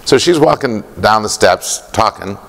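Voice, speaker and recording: A man giving a keynote speech, telling a story with vivid detail and pauses. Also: fairly low pitch, expressive, creaky, fairly bright tone. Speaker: keynote speaker. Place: conference hall. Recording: long hall reverb.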